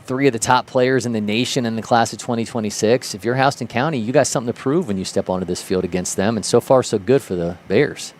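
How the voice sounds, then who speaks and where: A man's voice: mid-range voice, fast, few pauses, darkish tone, a little hiss or hum. A man calling live play-by-play for a baseball broadcast, lifting his voice sharply on big plays. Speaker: play-by-play commentator.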